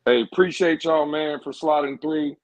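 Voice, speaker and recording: A man's voice: fairly high pitch, steady tone, moderate pace, no echo, dull audio. A man co-hosting a live-streamed football show, speaking bluntly and with dry humor. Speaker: podcast co-host. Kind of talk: casual live-stream chat.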